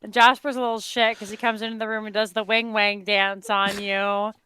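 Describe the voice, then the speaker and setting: A woman co-hosting a meme reaction video, telling rambling, animated stories with casual swearing. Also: mid-range voice, a little fast, a little hiss or hum. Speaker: co-host reacting to memes. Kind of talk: casual chat.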